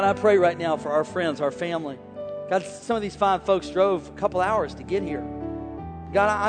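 High-voiced energetic male pastor preaching. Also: in a large hall. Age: 40s. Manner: energetic, swings from shouting to hushed; folksy, joking preacher. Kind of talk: sermon. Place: large church hall with congregation.

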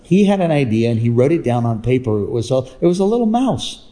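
Dark-toned man preaching a sermon. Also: big pitch swings, fast talker. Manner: preaching with call-and-response, jumps high in pitch for emphasis. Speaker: pastor. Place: church across several campuses.

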